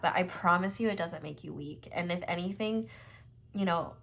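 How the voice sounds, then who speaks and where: A young woman with a slightly low voice speaks earnestly and reassuringly, rambling through fillers. Her nose is stuffed up and she sounds near tears as she gives a casual tarot reading. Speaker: tarot reader.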